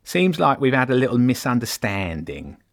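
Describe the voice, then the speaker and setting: A man voicing a sneering, raspy male rat who threatens sharply in a storybook reading. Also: mid-range voice, sing-song, moderate pace, pitched above the performer's own voice. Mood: wheedling. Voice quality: raspy, spittle-laced.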